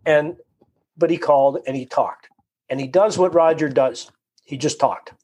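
A man tells a long personal story in an easy conversational way, his voice slightly husky and pitched a little high for a man. He gets animated and acts out the thoughts running through his head. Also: a little slow. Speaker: guest telling his story.

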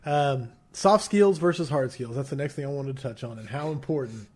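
A man's voice: mid-range voice, brisk. A man hosting a podcast interview, asking questions in a laid-back manner. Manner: laid-back, brief affirmations. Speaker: podcast host.

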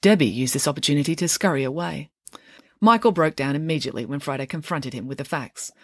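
A woman author reading her own children's book aloud in an expressive storyteller manner. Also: low voice, fast talker, no echo, studio quality. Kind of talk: audiobook narration.

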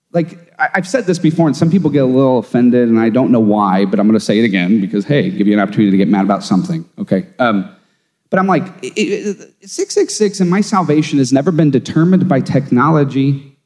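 A man talks theology in a loose, conversational way, animated and emphatic as he tells his stories. His voice sits at an ordinary middle pitch. The room behind him rings with a long reverb. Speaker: theology teacher. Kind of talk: casual podcast conversation.

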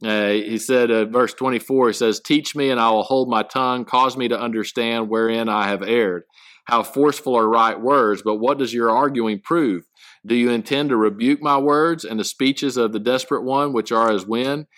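A man teaching a Bible study, reading verses aloud and then explaining them in halting, casual speech full of restarts. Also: mid-range voice, fairly even intonation, a bit bright, no echo.

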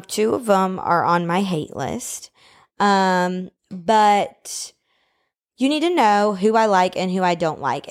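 A young woman hosting a podcast from home, talking casually in a brash, opinionated way with lots of fillers, hot and a bit sweaty. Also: medium pitch. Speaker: podcast host. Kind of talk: casual solo podcast rant. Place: at home at her table.

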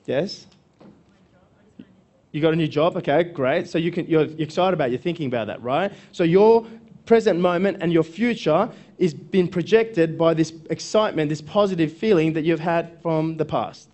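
A male workshop speaker and coach gives a live seminar talk, his voice a little high and darkish, moving at a normal speed. He keeps it conversational, often checking in with the audience and repeating phrases.

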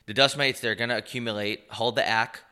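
A man with a congested, nasal voice chats loosely on a podcast, rambling through jokes and swearing freely. His tone is bright and forward, and his pitch sits mid-range. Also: steady tone, brisk, clean tone. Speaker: podcast co-host. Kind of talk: casual chat.

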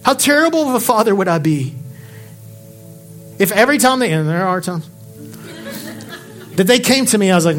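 A man preaching a sermon, swinging from impassioned exhortation to quiet, confiding storytelling. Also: high voice, animated, a little fast, pauses often, soft background music. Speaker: pastor.

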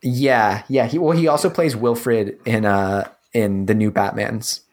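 A man's voice: medium pitch, steady tone, a little slow, a little mellow. A man hosting a podcast, chatting casually and reading the outro. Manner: easygoing, reads the show outro. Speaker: podcast host. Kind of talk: casual chat.

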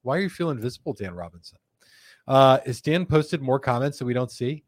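A man's voice: mid-range voice, no room sound. A man hosting a live stream, chatting and reading out viewer comments. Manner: chatty, animated, fast and slow in turns. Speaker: show host.

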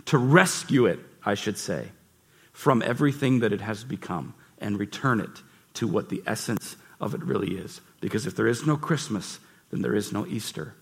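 A man preaching a lively sermon in church, asking the listeners questions and acting out the voices in the story. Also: lowish voice, moderate pace, gravelly, breathy edge. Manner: animated preaching, acts out voices and asks the crowd questions. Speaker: pastor.

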